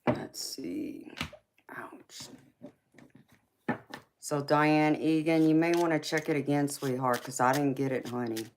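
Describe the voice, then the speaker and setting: A woman's voice: deep voice, flat delivery, moderate pace, hardly any pauses, a little mellow, slight background noise. A woman hosting a tarot live stream, chatting casually with viewers, often teasing and calling them honey, baby and sweetheart.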